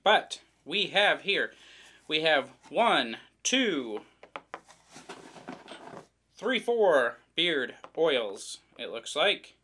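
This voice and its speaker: A man's voice: on the high side, very animated, extremely slow, long pauses, bright, forceful tone, husky. A man from the American Midwest giving a casual, rambling unboxing commentary, joking and poking fun at himself as he goes. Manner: rambling, joking, self-deprecating. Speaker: vlogger reviewing products.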